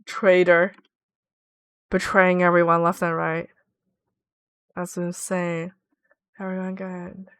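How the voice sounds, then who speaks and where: A woman's voice: on the low side, completely flat delivery, slow pace, long pauses, fairly bright tone, clean tone. A woman streaming a game, chatting casually and giggling as she reads viewer messages aloud. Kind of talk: casual livestream chat.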